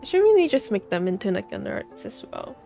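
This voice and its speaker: A woman's voice: mid-range voice, big pitch swings, a little fast, creaky. A woman streamer reading a book aloud, breaking off for giggly, chatty asides and stumbling over hard names. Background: soft lo-fi music.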